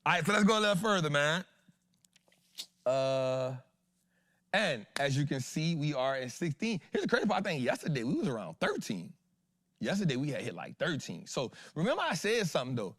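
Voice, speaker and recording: A man's voice: fairly high pitch, sing-song, fairly quick, a bit bright, dry recording, clean studio sound. A man hosting an investing show in casual livestream talk, slangy and emphatic, throwing rhetorical questions at his viewers.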